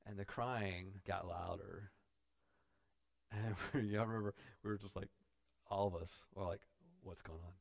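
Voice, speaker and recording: A man preaching a sermon as pastor, dropping to quiet asides and building to loud, emphatic peaks. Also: fairly low pitch, fairly even intonation, a little slow, creaky, long pauses.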